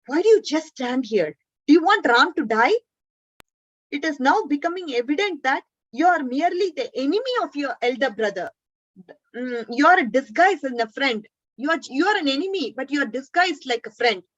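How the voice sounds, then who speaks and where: A woman's voice: high-pitched, animated, fairly quick, fairly bright tone, highs cut off. A woman voicing a panicked young princess who pleads breathlessly and urgently, as if she can hardly breathe. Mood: bitter reproach.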